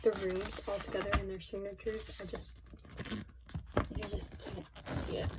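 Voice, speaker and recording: A young woman unboxing albums at her desk in casual commentary. She gushes excitably, her voice shaky, often dropping to a near whisper. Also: mid-range voice, slow pace, very noisy. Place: small room at her desk.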